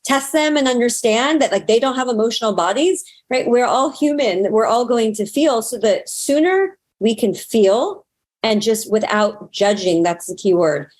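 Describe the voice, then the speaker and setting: A woman's voice: on the high side, moderate pace, darkish tone. A woman spiritual teacher talking frankly in a casual interview, swearing now and then and acting out her own self-talk. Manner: acts out inner self-talk in quoted asides. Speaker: spiritual teacher and astrologer guest.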